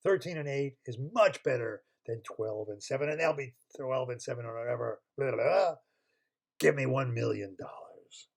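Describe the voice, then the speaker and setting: A man's voice: medium pitch, moderate pace, vocal fry, slightly rough. A man voicing a scheming male villain who taunts and threatens in a told bedtime-style story over a computer call. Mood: gloating. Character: gloating scheming male villain holding a hostage. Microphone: computer mic on a video call.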